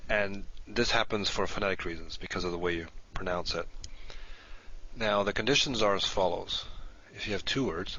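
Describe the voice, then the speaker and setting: A man's voice: fairly low pitch, bright, forceful tone. A man giving a recorded grammar lecture, methodically laying out the conditions step by step, heard through dull lo-fi video playback.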